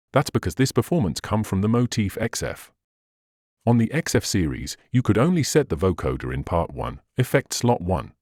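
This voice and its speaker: Low-voiced man explaining synth settings. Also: a little mellow, dry recording, clean studio sound. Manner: patient step-by-step explaining, slightly non-native phrasing. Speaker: synthesizer tutorial host. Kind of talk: instructional screen walkthrough.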